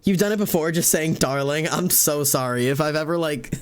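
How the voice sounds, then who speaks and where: A man's voice: on the high side, fairly quick, smooth. A young adult man streaming live from home, chatting casually and rambling jokily with his viewers and his cats.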